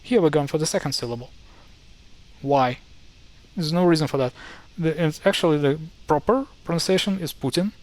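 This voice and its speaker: Wry man explaining pronunciation, slightly high voice. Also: normal speed. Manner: wry, mildly exasperated, many fillers and restarts. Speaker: language explainer. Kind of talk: casual screen-share tutorial.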